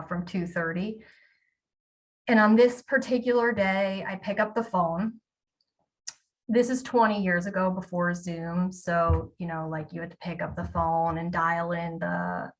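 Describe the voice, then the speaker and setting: A woman's voice: on the low side, far from the mic. A woman in her forties giving a candid, self-deprecating storytelling talk as a keynote speaker, with the odd filler um.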